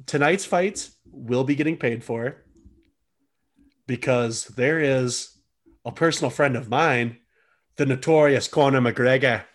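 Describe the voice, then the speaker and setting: Guy cohosting a podcast, jokey, laughs a lot, middle pitch voice. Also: slow pace, pauses often. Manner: joking, laughs often. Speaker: podcast co-host. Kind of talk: casual chat.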